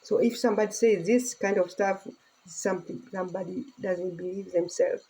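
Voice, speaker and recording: Middle-aged woman from Tanzania, earnest casual vlog to phone, mellow husky tone. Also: mid-range voice, fairly even intonation, normal speed, poor audio. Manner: earnest, speaking broken English with laughter. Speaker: vlogger.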